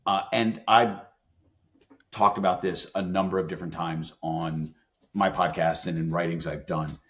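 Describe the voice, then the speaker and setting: Man, middle-aged, low voice, podcast guest, emphatic storyteller, dull lo-fi audio. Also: fairly even intonation, normal speed, a bit bright. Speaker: employment attorney and leadership expert guest. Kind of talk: conversational podcast interview.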